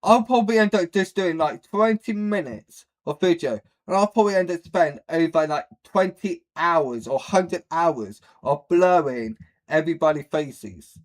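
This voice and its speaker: A man's voice: a little high, lively intonation, normal speed. A man hosting a reaction video, who rambles bluntly with many fillers and says he has a speech problem. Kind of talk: casual reaction commentary.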